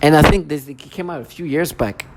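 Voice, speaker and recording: A man's voice: fairly high pitch, a little fast, noisy background. A man talking to camera in an agitated, rambling monologue, often repeating and restarting his phrases. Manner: agitated, repetitive, many restarts. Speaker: vlogger.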